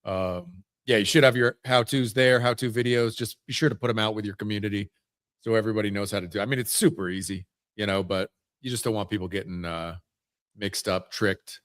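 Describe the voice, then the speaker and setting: A man speaks quickly and informally as he gives practical tips in a casual group audio chat. His voice sits a little low. The sound is dry. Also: steady tone, a bit bright, no echo.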